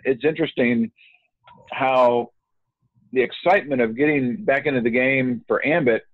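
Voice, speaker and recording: A man's voice: mid-range voice, normal speed, dry recording. A man as an interview guest, talking casually over the phone in a rambling way, full of fillers and restarts. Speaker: interview guest, business networker. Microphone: phone line. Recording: tinny dry phone line.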